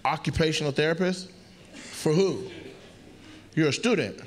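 A man with a voice on the high side keeps a measured pace as he ribs the audience in a brash, profane crowd-work bit. It's recorded live on a comedy club stage, with a laughing crowd roaring loudly.

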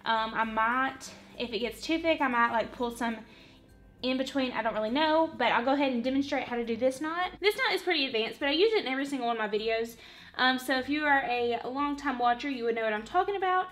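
A woman's voice: high voice, animated, quick pace, a bit bright, faint music behind. A woman giving a casual, rambling craft tutorial at home, saying "y'all" and "literally" a lot. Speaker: craft vlogger. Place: home, working on a wall hanging.

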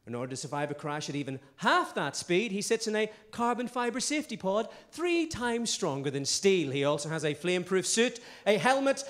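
A man's voice: very high-pitched, a bit bright. A man in his thirties with a Northern Irish accent doing a cheeky, brash live stand-up routine on a theatre stage. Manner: brash, cheeky storytelling with swearing. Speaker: stand-up comedian.

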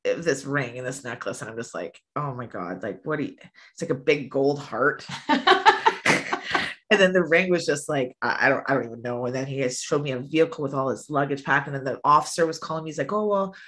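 A woman's voice: very deep voice, brisk, fairly bright tone. A woman in her thirties, a podcast guest, chatting candidly and acting out quotes in her stories with laughs. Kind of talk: candid casual chat.

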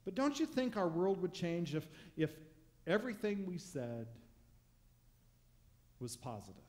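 A man's voice: high voice, expressive, moderate pace, long pauses, darkish tone. A male pastor preaching a sermon in a church, conversational and humorous, with rhetorical questions. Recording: long reverb of a large hall.

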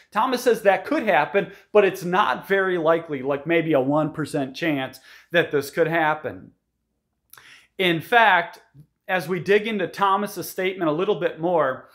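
High-voiced man preaching emphatically. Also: a bit bright. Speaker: pastor. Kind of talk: sermon.

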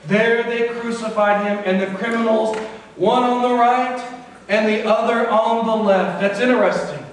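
A man with a strikingly high voice delivers a sermon, weaving scripture readings into his preaching. He is picked up from a distance in a church sanctuary, his words ringing out with heavy echo and a long hall tail. A faint hum of room noise sits underneath. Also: steady tone, moderate pace. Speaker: pastor. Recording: echoey church hall from far off.

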